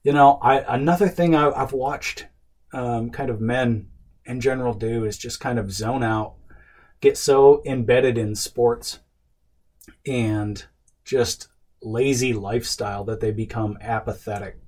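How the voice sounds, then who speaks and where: A man's voice: medium pitch, unhurried, darkish tone. Earnest middle-aged man, conversational. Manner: earnest, conversational, many fillers and restarts. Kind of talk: casual motivational talk to men.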